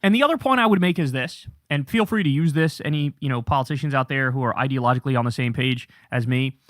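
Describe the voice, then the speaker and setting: A man's voice: mid-range voice, fast, a bit bright, no echo, clean studio sound. A middle-aged man hosting a political commentary show, ranting with profanity and mocking impressions of his opponents.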